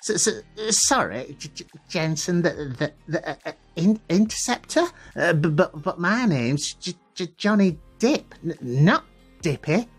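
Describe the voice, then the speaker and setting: Stammering, timid boy, squeaky and unsure, read by a male narrator in a storybook. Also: expressive, a little slow, slightly rough, soft background music, full character voice. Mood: flustered. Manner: heavy stutter, hesitant.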